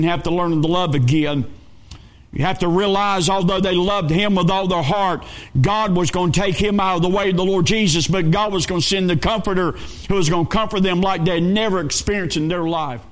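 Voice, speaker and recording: A man preaching a sermon, telling stories in a folksy way. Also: high-pitched. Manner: storytelling preacher, folksy phrasing. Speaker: pastor.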